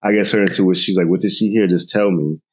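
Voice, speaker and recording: Low-voiced man telling a story. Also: fast. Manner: animated retelling, mimics family voices, laughs often. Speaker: podcast guest. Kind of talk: casual storytelling chat. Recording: dull lo-fi sound.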